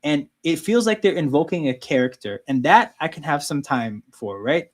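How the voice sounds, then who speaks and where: A man's voice: fairly high pitch, expressive, moderate pace. Chatty man hosting a livestream. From Canada. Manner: loose, conversational, frequent "like" and "right?". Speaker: livestream host. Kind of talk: casual livestream chat.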